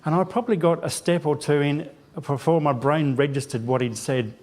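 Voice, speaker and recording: A man's voice: on the high side, normal speed, darkish tone. Man preaching a personal sermon. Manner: self-deprecating storytelling with quoted dialogue. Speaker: lay preacher. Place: church sanctuary.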